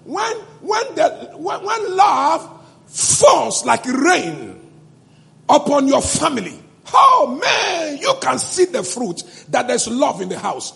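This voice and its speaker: A man preaching a sermon to a congregation in a church, repeating phrases and building up to shouts. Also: very high voice, wildly swooping pitch, slow pace, gravelly. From Ghana. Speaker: pastor.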